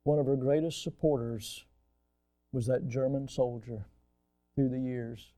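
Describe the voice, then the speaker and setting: A man preaching a sermon, telling a story with dramatic swings from loud emphasis to hushed quiet, calling his listeners folks. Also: mid-range voice, fairly even intonation, a little slow. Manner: folksy, addresses audience as folks.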